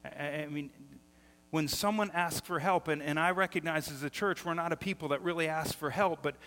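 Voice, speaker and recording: A middle-aged man preaching a sermon as pastor, telling stories with lively energy and often repeating words as he starts sentences. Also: fairly high pitch, fairly quick. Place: church sanctuary. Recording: long hall reverb.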